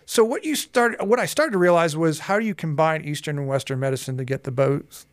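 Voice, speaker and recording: A man in his forties, a guest on a podcast interview, telling personal stories in a lively way and acting out the dialogue. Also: on the high side, a little fast, no echo, clean studio sound. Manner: lively storyteller who acts out dialogue. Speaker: guest, hypnotherapist and coach.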